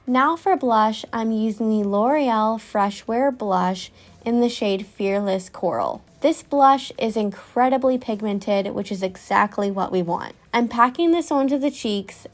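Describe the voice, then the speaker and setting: A woman narrating a makeup tutorial in a calm, step-by-step scripted voice-over. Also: on the high side.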